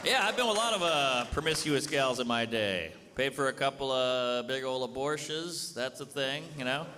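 A man's voice: expressive, moderate pace. A man with an American accent doing a wry stand-up set with crowd work on a comedy club stage. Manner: wry, shifts between bright and low asides. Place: comedy club stage before a live audience. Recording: live hall with audience and background noise.

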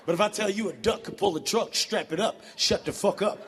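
A man performing a stand-up comedy set on a big stage, telling stories in an animated, profane way and bursting into shouts. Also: high-pitched, brisk. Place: large live venue on stage. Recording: reverberant hall with constant background noise.

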